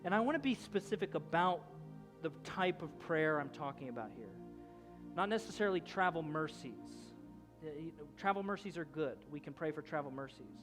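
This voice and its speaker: A man's voice: a little high, lively intonation, brisk, music in the background. A man in his thirties preaching a sermon as a pastor, telling a story in a loose conversational way with many restarts. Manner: storytelling, rising to loud shouting at the climax.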